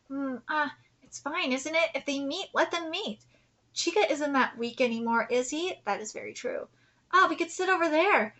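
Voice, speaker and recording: A woman's voice: high-pitched, moderate pace, a bit bright. A woman streamer reading manga aloud and reacting live, emotional and near tears, with laughing asides.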